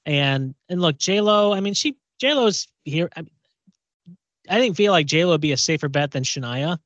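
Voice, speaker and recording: A man's voice: fairly high pitch, animated, normal speed, fairly bright tone, dry recording, muffled recording. A man co-hosting a pop culture podcast in casual chat, often repeating words as he thinks. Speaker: podcast co-host.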